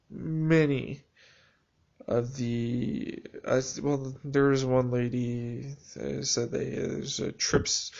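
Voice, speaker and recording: A man speaking a reflective, halting personal video journal monologue, with restarts and dry sarcasm. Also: mid-range voice, gravelly, a little mellow, lo-fi sound.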